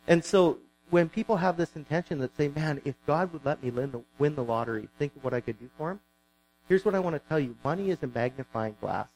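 A man's voice: a little high, darkish tone, low-quality recording. A man preaching a sermon as pastor, earnest and pleading, repeating words as he builds his points.

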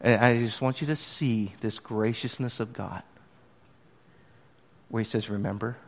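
A man preaching a sermon to his congregation in an expressive, conversational storytelling manner. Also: mid-range voice, a little slow. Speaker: pastor. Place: church service.

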